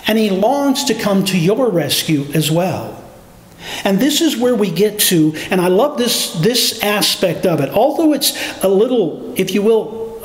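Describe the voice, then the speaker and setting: A middle-aged man preaching a sermon as pastor, earnest and full of rhetorical questions. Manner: earnest, rhetorical questions, lively pitch swings. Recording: echoey hall with long reverb.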